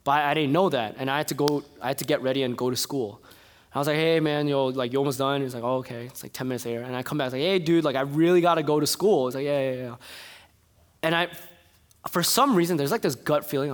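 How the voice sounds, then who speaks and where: A young man preaching a sermon, telling a personal story with animated energy before turning to soft, earnest exhortation. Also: a little high, fast. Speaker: pastor.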